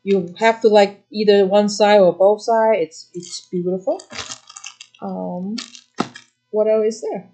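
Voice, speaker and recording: A middle-aged woman hosting a live craft-supply demo, explaining products in quick, chatty bursts with fillers. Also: medium pitch, fairly even intonation, mellow. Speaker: craft shop host.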